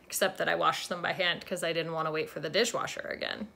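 A woman's voice: deep voice, fairly even intonation, fast talker, vocal fry, sharp tone. A young woman chatting casually in a vlog at a friend's home, wry and self-deprecating, filming on a handheld phone. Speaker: vlogger. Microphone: handheld phone camera.

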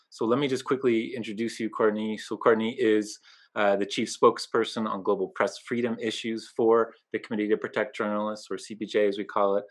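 A man hosting a webinar over a video call, welcoming and introducing his guests with occasional fillers. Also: fairly low pitch. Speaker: event host.

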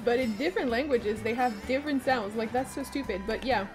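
A woman streamer giving live commentary as she plays, excitable, swearing and shrieking when things get fast. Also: fairly high pitch, over music. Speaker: gaming streamer.

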